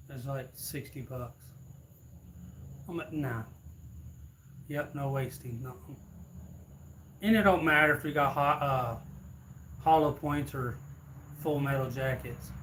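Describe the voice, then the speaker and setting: A man's voice: a little high, slight background noise, poor audio. A man, hosting a livestream and telling rambling, folksy stories to his viewers. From Florida, USA. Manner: rambling, folksy, plain-spoken. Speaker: livestream host. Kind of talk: casual storytelling to viewers.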